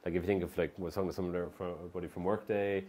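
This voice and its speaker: A man's voice: deep voice, level tone, very fast, a little mellow. A man, a startup founder speaking in an onstage interview, rambling with many restarts. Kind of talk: conversational interview on stage. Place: live event venue.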